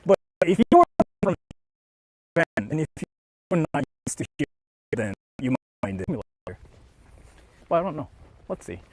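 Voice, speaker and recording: A man's voice: fairly high pitch, very animated, moderate pace, long pauses, a little mellow, breathy edge, dry recording. A young man walking around outdoors and chatting loosely with his live-stream viewers, filling his talk with "like" and restarts. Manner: loose, rambling, heavy on "like" fillers.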